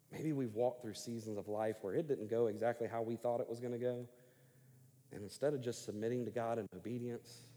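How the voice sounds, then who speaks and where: Pastor in a reverberant church hall. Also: male voice, on the low side. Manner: animated storytelling, voicing God and Cain in paraphrase. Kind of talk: sermon.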